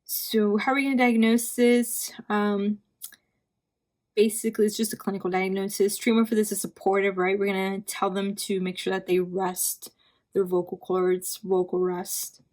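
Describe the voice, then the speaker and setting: A woman's voice: mid-range voice, little pitch movement, moderate pace, a little mellow. Young woman, casual exam review, chatty, repeats terms, slightly tired. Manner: conversational, repeats key terms, frequent "right?" and "like". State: tired from hours of recording. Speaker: physician assistant student.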